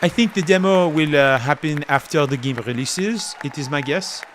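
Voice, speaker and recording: A man's voice: on the high side, moderate pace, fairly bright tone, some chatter behind, slight background noise. A man streaming live and reacting to an awards show with casual, joking commentary, often laughing. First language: French. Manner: joking, laughing, teasing remarks.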